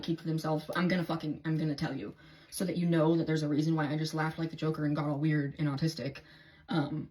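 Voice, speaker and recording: Woman, low register, candid rambling tarot-reading diarist; salty, self-talking delivery. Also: a little mellow. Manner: candid, rambling, swears freely, self-talk. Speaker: tarot reader. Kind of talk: casual tarot reading video diary.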